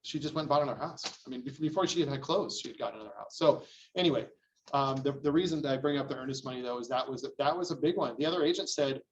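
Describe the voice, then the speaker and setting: A middle-aged man giving a real estate training lecture, acting out excited and panicked clients in raised voices. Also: medium pitch, very fast. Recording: distant, slightly dull mic sound.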